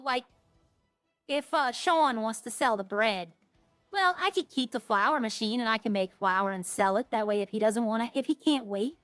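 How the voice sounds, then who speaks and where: Higher-voiced woman streaming a game. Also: a bit bright, no room sound. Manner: rambling, thinking aloud. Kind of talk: casual gameplay chat.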